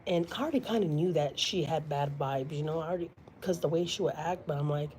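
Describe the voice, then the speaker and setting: A woman from Houston, Texas chats her way through a story for her live-stream viewers, full of fillers and dramatic impressions of what other people said. Her voice is low-pitched, fast and slightly dark in tone, on a low-quality recording with a bit of background noise.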